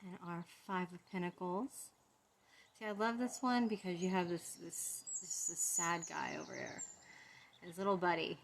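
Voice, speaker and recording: A woman giving a casual walkthrough of a tarot deck, soft-spoken and fond as she muses over each card. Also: fairly low pitch, moderate pace, vocal fry, slight background noise.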